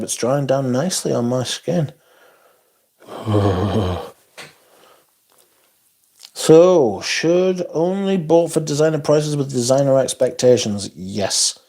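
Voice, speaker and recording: On a phone-recorded casual livestream, a man with a warm, medium-pitched voice reads viewers' comments and answers them bluntly, with frequent swearing and asides. He's animated but slow, leaving long pauses.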